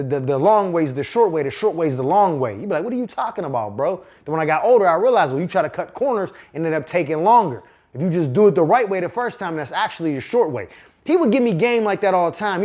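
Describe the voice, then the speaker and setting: A man from Pittsburgh telling a personal story in a casual, animated way, full of profanity and street slang. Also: high-pitched.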